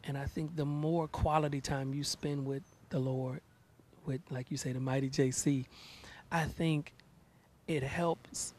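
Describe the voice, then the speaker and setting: Guy in his 30s chatting in an interview, kinda preachy, stumbles and repeats words, voice sits a bit high. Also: a little slow. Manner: animated, preachy, repeats words when starting. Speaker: gospel artist interviewed about his album. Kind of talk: casual interview chat.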